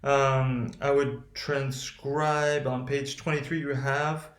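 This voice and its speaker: A male teacher with a General American accent, lecturing on pronunciation, halting, restarting often and checking with "right?". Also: medium pitch, level tone, fairly bright tone, echoey room. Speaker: phonetics teacher. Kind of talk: recorded remote lecture.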